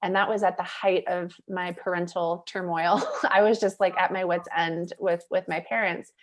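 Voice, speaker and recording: A woman guest on a podcast interview, telling a candid personal story in an animated, chatty way full of "like" and "you know", laughing easily as she goes. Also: on the low side, moderate pace. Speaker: guest, mindset coach and facilitator.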